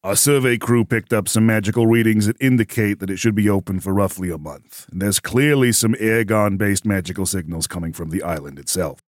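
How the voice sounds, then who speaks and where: A man acting as game master, narrating and speaking as a dry, deadpan clerk in a tabletop game. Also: fairly low pitch, fairly quick, hardly any pauses, dry recording.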